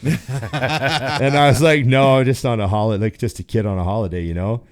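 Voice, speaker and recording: A man's voice: medium pitch, normal speed. A man from Canada, a pro bodybuilder, telling stories casually and acting out the other voices in them. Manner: animated, acts out the voices in his stories. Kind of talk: casual storytelling.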